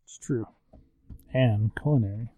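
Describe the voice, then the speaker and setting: A man's voice: medium pitch, unhurried, mellow, no echo, low-quality recording. A man in his thirties co-hosting a podcast in casual, joking chat, sometimes slipping into silly voices. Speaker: podcast co-host.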